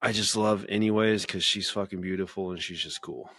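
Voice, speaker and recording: A man's voice: low-pitched, steady tone, a bit bright, no room sound. A man co-hosting a podcast, chatting casually with blunt, joking remarks. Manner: joking, blunt, quick reactions. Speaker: podcast co-host. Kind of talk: casual chat.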